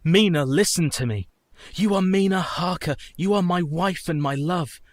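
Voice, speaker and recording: A man's voice: high voice, normal speed, no echo, clean studio sound, close to an everyday voice. A man voicing a devoted young husband in a radio play, speaking in an earnest, emotional way. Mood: tender. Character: devoted young husband, shaken but loyal. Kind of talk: community radio play acting.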